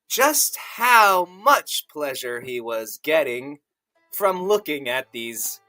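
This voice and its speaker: A man, an author co-hosting a podcast, narrating an improvised story in first person in a measured, wry way. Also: a little high, sharp tone.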